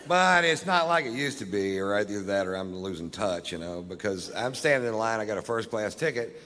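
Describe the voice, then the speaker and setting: A man doing a stand-up set, telling a long story in a drawling, deadpan, profane way. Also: on the low side, fairly quick, big-room sound. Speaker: stand-up comedian. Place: comedy stage.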